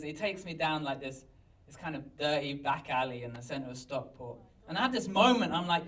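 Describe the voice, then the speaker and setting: A pastor telling a story in a sermon, animated and self-mocking, recorded in a church. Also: male voice, sits high, a little fast, recorded from a distance, rough recording. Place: church hall.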